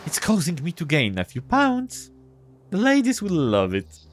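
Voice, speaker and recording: A man voicing a cocky, teasing male crab with a squeaky voice, reading the game's lines. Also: huge pitch swings, moderate pace, a little hiss or hum. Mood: smug. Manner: smug, teasing.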